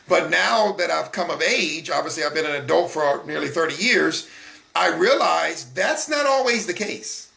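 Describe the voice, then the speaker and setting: A man's voice: a little high, moderate pace, creaky, bright, forceful tone. A man in his forties hosting a solo talk broadcast, speaking in a conversational, emphatic way with frequent fillers and restarts. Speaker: broadcast host. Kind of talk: solo talk show monologue.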